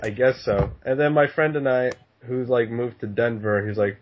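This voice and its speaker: A man's voice: medium pitch, steady tone, a little fast, hardly any pauses, slight background noise. A man telling a story in casual chat, swearing often and laughing. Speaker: podcast guest. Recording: dull lo-fi sound.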